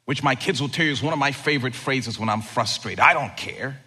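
A man preaching a sermon as pastor, animated, acting out quoted lines and swinging from loud to hushed. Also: mid-range voice, fast talker, breathy edge. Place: church sanctuary. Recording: long reverb of a large hall.

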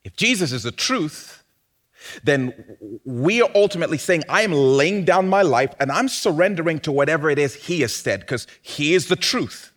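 Animated male preacher with a lively voice. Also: fairly high pitch, moderate pace. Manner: animated preaching, rising to loud emphatic peaks. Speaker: pastor. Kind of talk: sermon.

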